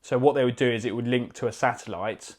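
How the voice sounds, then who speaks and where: A man's voice: mid-range voice, quick pace. A man co-hosting a podcast, casual chat, joking and swearing as he acts out voices. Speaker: podcast co-host.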